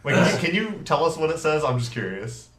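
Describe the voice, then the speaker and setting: A man playing a tabletop game, eager and curious, reacting quickly to what he hears. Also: fairly high pitch, big pitch swings, distant mic, background noise. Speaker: player. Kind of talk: casual tabletop play. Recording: echoey room.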